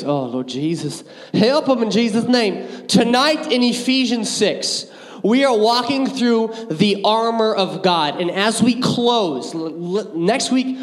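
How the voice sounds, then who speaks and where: A man preaching a youth sermon, joking and telling animated stories as youth pastor. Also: high-pitched. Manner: energetic, joking, animated storytelling. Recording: hall reverb.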